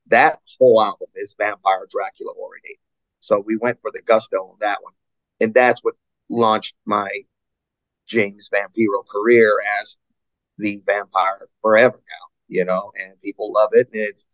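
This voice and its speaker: A man and metal singer chatting in an interview, telling stories with lively acted-out quotes and frequent laughs. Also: lowish voice, no echo, highs cut off. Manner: animated storyteller, acts out fans' voices, laughs often. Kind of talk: casual interview chat.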